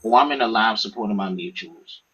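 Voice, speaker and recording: A man, an author and podcast guest, telling stories in a casual, profane, animated way and acting out what others said. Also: fairly low pitch, brisk, slightly rough, low-quality recording. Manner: animated, profane, acts out quoted speech. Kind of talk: casual storytelling interview.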